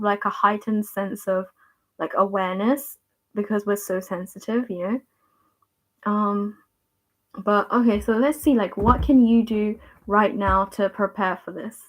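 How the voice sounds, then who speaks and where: A young woman doing a tarot reading on a livestream, talking casually and rambling with many fillers and repeated words in a gentle, reassuring way. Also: medium pitch.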